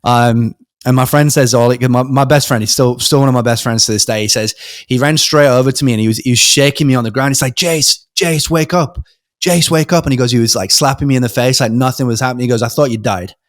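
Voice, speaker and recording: A young man who grew up in Britain tells a personal story as a podcast guest, at an ordinary mid-range pitch. He talks casually, stumbling and restarting, and slips into the voices of the people in his story. The recording is close and dry. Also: quick pace, no echo. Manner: animated storyteller, acts out quoted voices, frequent ums and restarts.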